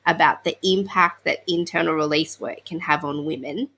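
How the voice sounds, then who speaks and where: A woman's voice: deep voice, fairly even intonation, moderate pace, fairly bright tone, breathy edge. A woman hosting a podcast interview, summing up her guest's work before asking thoughtful questions. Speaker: podcast host.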